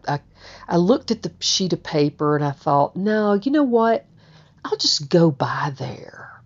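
A woman's voice: deep voice, darkish tone. A woman telling a personal story in a candid, rambling way, often repeating her words. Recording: dull lo-fi recording.

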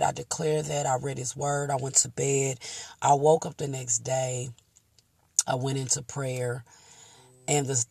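A woman hosting a faith-based motivational talk in a preacherly, emotional way, moving from hushed tearful prayer to loud bold declarations. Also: rumbling low, vocal fry, breathy edge, no echo. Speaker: motivational podcast host.

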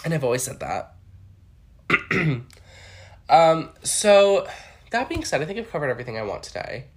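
A young adult host chatting solo in a campy, playful way. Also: male voice, a little high, sing-song. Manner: chatty, campy, jumps into quick impressions. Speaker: podcast host. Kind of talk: casual solo chat with impressions.

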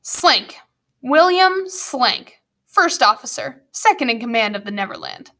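A woman voicing a surly, sneering bald male ship's first officer who talks slowly and coarsely. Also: on the high side, big pitch swings, sharp tone, heavily acted.

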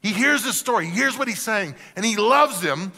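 A male pastor preaching a sermon in a church, animated and shifting down to soft emphasis. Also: sits high, moderate pace, gravelly. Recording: reverberant hall.

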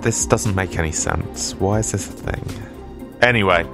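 A man's voice: low-pitched, normal speed, gravelly, over music. Rambling radio host, man. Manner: rambling, self-deprecating, chatty asides. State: slightly stuffy from a cold. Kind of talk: casual radio chat and weather reading.

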